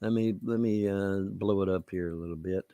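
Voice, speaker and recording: A man's voice: sits low, fairly even intonation, a little fast, warm tone, dry recording, lo-fi sound. A man hosting a live-stream commentary, rambling and sarcastic with crude language, on a close desk mic. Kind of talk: casual ranting commentary.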